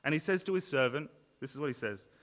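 A male pastor delivers a sermon in a fairly high voice, explaining his points earnestly and often doubling back on words mid-sentence. The sound rings with the long reverb of a large church hall. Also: animated, fast talker, a bit bright. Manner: earnest, explanatory, frequent word repeats and restarts.

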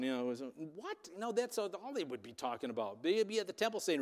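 A man preaching a sermon, retelling scripture as lively storytelling with sarcastic asides. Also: sits high, fast talker, hardly any pauses. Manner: animated storytelling, voicing quotes with sarcasm. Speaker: pastor. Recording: long hall reverb.

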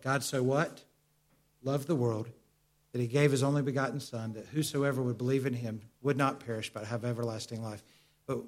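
A middle-aged man delivers a sermon in an earnest, confessional manner. His voice sits at an ordinary middle pitch. He stumbles over repeated words, then slows and softens to drive a point home. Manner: earnest, confessional, with hesitant repetitions; slows down for emphasis, drops to a soft voice. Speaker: preacher.

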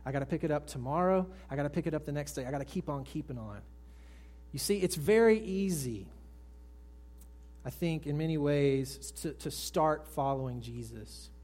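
A male pastor preaching to a congregation, swinging from raised emphatic lines to hushed soft ones and putting questions to his listeners. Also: on the high side, normal speed. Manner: asks the congregation direct questions. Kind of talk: sermon. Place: church service with congregation.

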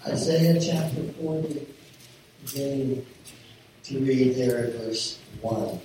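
A man preaching a sermon as a pastor, earnest and measured in his emphasis. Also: mid-range voice, warm tone, a little hiss or hum. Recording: echoey room heard from a distance.

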